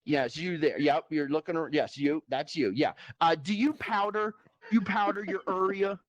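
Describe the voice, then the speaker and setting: A man's voice: fairly high pitch, moderate pace, no echo, lo-fi sound. A man doing a stand-up comedy set, rambling and crude, laughing at his own jokes and switching voices for the people he quotes. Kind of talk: stand-up comedy set in a virtual reality club.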